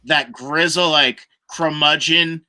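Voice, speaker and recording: A man's voice: fairly high pitch, steady tone, slow, pushed and bright. A man, a guest musician on a podcast, telling a story in a casual way and acting out other people's lines.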